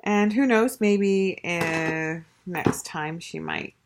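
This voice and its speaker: A woman's voice: lowish voice, extremely slow, background noise. A woman casually reviewing a tarot deck, gushing and chatty, with lots of fillers and restarts. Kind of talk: casual show-and-tell review.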